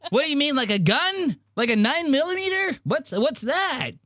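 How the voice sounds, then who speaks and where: A man doing a high, whiny impression of a nervous grown man freaking out. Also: big pitch swings, normal speed, sharp tone, no room sound, studio quality, full character voice. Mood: baffled. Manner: high squeaky mocking whine. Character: panicky nervous grown man, easily spooked.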